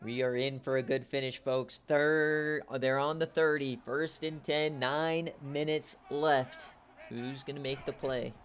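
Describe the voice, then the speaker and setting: A young man calls a video game football game like a play-by-play announcer, speaking to his viewers from a home streaming setup. His voice is bright and slightly high, and he gets excitable. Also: takes it slowly, smooth. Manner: excitable, shouts on big plays. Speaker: play-by-play commentator. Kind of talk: video game sports commentary.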